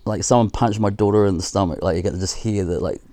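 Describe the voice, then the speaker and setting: A man in his thirties or forties talks low and loose as a podcast guest. He rambles through a frank story, leaning on fillers and the odd swear word. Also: fast, warm tone, no echo. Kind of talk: casual chat.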